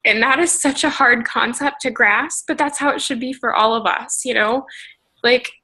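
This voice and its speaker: Woman, bright and a touch high, team leader on a video call; emotional motivational speech, shaky and tearful. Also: moderate pace, husky, poor audio. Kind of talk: emotional motivational pep talk.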